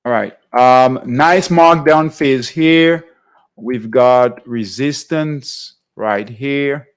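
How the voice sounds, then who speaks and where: A man's voice: mid-range voice, extremely slow, clean tone. A man hosting a live trading workshop, thinking aloud over charts and checking in with "all right?" between phrases. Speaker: trading show host.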